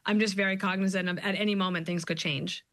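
Bright, quick-talking woman guest. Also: medium pitch, dry recording. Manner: quick, animated storytelling with quoted asides. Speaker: guest author. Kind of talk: interview conversation.

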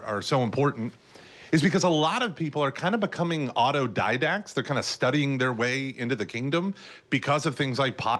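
A man with a Texas accent, a guest minister answering interview questions in a lively, chatty way with frequent laughs. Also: mid-range voice. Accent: Texan. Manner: animated, laughs often, quick asides. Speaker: guest, parish ministry leader.

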